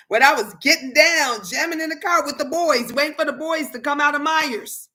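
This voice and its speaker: A middle-aged woman hosting a tarot live stream, chatting casually and answering viewers' comments in a lively way. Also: high voice, moderate pace.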